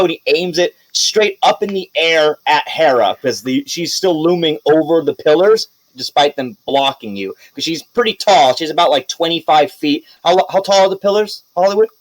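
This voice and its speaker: A man's voice: a little high, expressive, moderate pace, few pauses, no echo, low-quality recording. A man running a tabletop role-playing game as game master, narrating casually with laughs and swearing.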